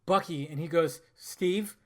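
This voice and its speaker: A man's voice: fairly high pitch, moderate pace, fairly bright tone. A young man giving a casual film review monologue, swearing freely and acting out scenes in quoted lines.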